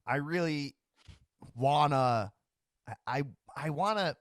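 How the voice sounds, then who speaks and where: With a fairly high voice and a slow delivery, a male podcast host chats casually, rambling, restarting, stammering out repeats and voicing other people in the middle of sentences. The recording is dry and studio quality.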